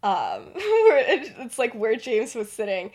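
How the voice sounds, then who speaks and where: A woman's voice: on the high side, wildly swooping pitch, measured pace, a little mellow. A young woman casually telling a fan-fiction story on a podcast, chatty and giggly, with many fillers.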